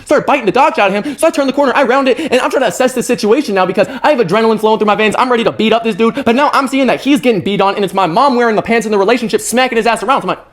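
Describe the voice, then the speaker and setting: A young man from North Idaho rattles off a personal story at breakneck speed, his voice pitched fairly high for a man. The telling is casual, animated and full of swearing. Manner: rapid, profane, animated storytelling.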